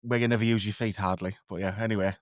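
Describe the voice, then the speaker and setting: A man's voice: lowish voice, fairly even intonation, quick pace, dry recording, clean studio sound. A man talking as a podcast guest in a casual chat, rambling and self-deprecating, often tripping over his words.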